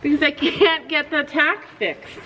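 A woman's voice: high voice, measured pace, bright, forceful tone, highs cut off, slight background noise. A woman vlogging outdoors at a horse barn, chatting casually, laughing often and cooing in baby talk to the animals, recorded on a handheld camera. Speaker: mom vlogger. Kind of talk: casual vlog chat.

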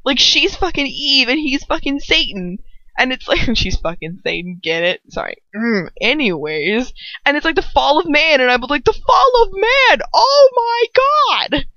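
A woman's voice: high voice, very animated, moderate pace, sharp tone, dry recording. Chatty young woman, giggly and sweary, rambling aside; dry, slightly muffled home recording. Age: young adult. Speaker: fanfiction reader. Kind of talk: casual rambling aside during a reading.

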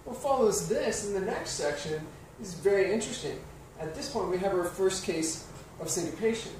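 With lively intonation and a darkish tone, a high-pitched man speaks at normal speed as he gives a piano lesson, patiently explaining rhythm and counting the beats aloud. The roomy studio recording uses a distant mic, with piano playing and slight background noise.

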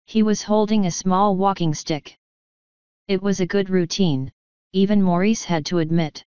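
A woman narrating a comic fantasy audiobook in a steady, lightly wry storytelling manner. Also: lowish voice, smooth, dry recording, muffled recording.

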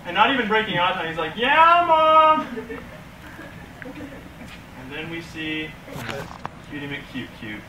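A young man, an animation student, enthusiastically pitching a film story to a class and acting out its scenes, recorded from far off in an echoey, noisy classroom. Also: lively intonation, fairly quick. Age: young adult. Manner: enthusiastic, laughing, acts out scenes.

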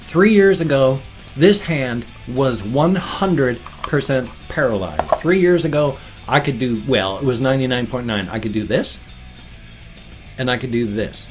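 A man's voice: medium pitch, expressive, measured pace, music in the background. A man in his fifties chatting casually in his vlog, rambling and easily sidetracked. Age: 50s. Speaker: vlogger. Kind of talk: casual chat.

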